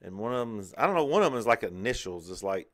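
Talking fast, with big swings in a lowish voice, this gaming channel host runs a casual let's play and chats to himself the whole way through.

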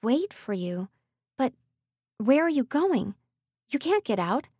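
A woman voicing an anxious young stepsister, higher and quick. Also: big pitch swings, a little mellow, breathy edge, no room sound, studio quality, full character voice. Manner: worried, quick questions.

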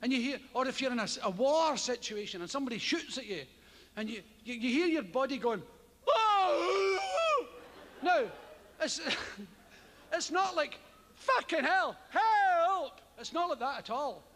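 A Scottish man doing stand-up, telling a profane story in an animated way and acting out yells and strange noises himself. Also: extremely high pitch, normal speed, big-room sound. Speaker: stand-up comedian. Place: theatre stage before a live audience.

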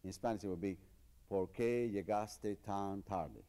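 A man doing stand-up as a mock language lesson, with deadpan teacherly drills and slow, exaggerated pronunciation. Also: fairly low pitch. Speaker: comedian. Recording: noisy live comedy recording.

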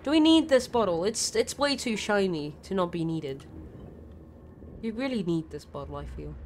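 A woman's voice: medium pitch, animated, normal speed, darkish tone, a little hiss or hum. A woman streaming a video game live, swearing freely while talking to her chat and the characters on screen. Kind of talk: live gameplay commentary.

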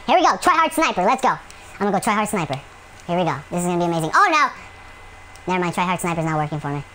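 A man's voice: high voice, bright, forceful tone, slight background noise, poor audio. A man giving gameplay commentary at home, rambling with many fillers and breaking into yelps and rants at the game. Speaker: gaming channel host.

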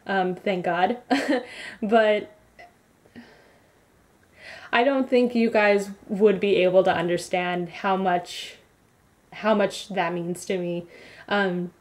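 A young woman vlogging, telling a rambling story with frequent giggles. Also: mid-range voice. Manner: rambly, giggly, animated retelling. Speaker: beauty vlogger. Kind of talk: casual vlog recap.

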